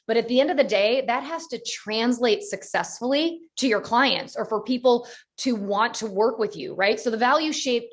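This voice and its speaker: Woman coaching agents through business planning. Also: fairly high pitch. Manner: encouraging, explains step by step with many "you know"s. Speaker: real estate business coach. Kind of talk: instructional webinar talk.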